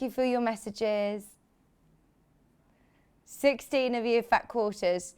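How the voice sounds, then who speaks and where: A woman presenting products on live shopping television, chatty and enthusiastic, joking with the crew between sales pitches. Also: fairly even intonation, takes it slowly, pauses often, a little mellow, clean tone.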